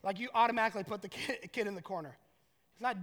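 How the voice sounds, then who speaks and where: A man's voice: high-pitched, fast, a bit bright. A man in his thirties, a pastor preaching a sermon in a casual, joking storytelling way, in a large church hall.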